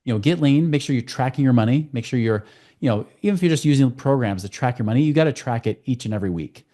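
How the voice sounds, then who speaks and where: A man speaking as a guest on a podcast interview, telling client stories in a quick, storytelling way. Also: mid-range voice, expressive, warm tone. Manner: fast, storytelling with client anecdotes. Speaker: guest, financial coach.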